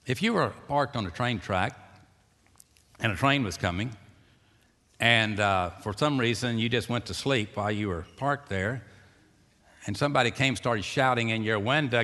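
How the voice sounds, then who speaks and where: A man preaching a sermon, dropping to a hushed, slow voice and rising to loud, excited calls. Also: mid-range voice. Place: church sanctuary. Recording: long reverb of a church hall.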